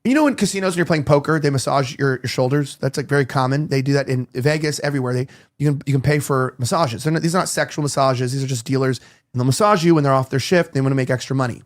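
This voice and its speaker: A man's voice: medium pitch, fast. A male podcast host in casual chat, rambling as he tells stories and acts out quoted dialogue.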